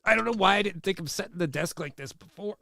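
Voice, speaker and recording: A man's voice: high voice, quick pace, creaky, pushed and bright. A man hosting a casual livestream, rambling, swearing freely and poking fun at himself while reading chat. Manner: rambling, profane, self-mocking. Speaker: livestream host.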